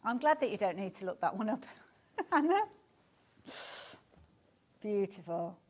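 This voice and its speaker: Very animated yet speaking at a measured pace, a woman with a mid-range voice runs a live shopping show, chatting warmly about the merchandise and enthusing over what viewers write in.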